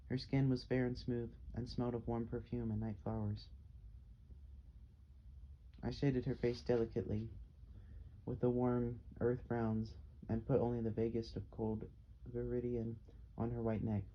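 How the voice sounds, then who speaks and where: A man reading an audiobook in a measured, unhurried scripted narration. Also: mid-range voice, flat delivery. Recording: dull audio with faint hiss.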